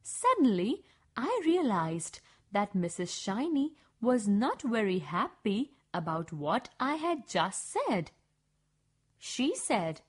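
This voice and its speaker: A woman narrating a first-person children's story in an expressive, measured way. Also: a little high, slightly rough.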